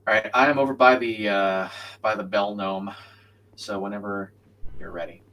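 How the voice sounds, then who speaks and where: A man's voice: on the low side, steady tone, normal speed, a bit bright, distant mic, poor audio. A young man chatting casually and bluntly while streaming a co-op game, swearing freely. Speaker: co-op gaming streamer. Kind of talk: casual chat while gaming.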